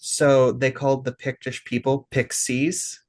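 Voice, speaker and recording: A man's voice: medium pitch, flat delivery, measured pace, a little mellow. Man, podcast host, tipsy, casual, stumbles over words, mid-range voice. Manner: chatty, laughs easily, stumbles over words. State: a bit tipsy from drinking. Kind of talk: casual chat and read-out episode intro.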